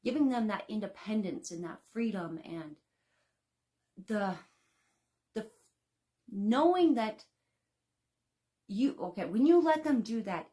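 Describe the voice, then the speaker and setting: A woman in her thirties talks to her online class from home in a loose, folksy way, full of fillers and easy asides. Her pitch sits in the middle range, and her chat rambles along like she's talking to friends. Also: dark tone. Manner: chatty, folksy, frequent laughs and fillers. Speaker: baking instructor. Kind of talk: casual live-class talk.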